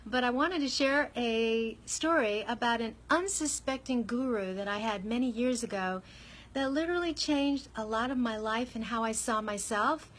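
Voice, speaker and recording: Woman telling a personal story, fairly high voice. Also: moderate pace, poor audio. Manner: candid, conversational, animated retelling. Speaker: vlogger.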